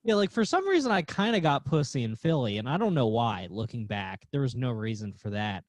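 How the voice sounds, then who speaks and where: A man's voice: medium pitch, sing-song, fairly quick. Self-deprecating comedian guest, man. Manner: self-deprecating, laid-back storytelling. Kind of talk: casual chat.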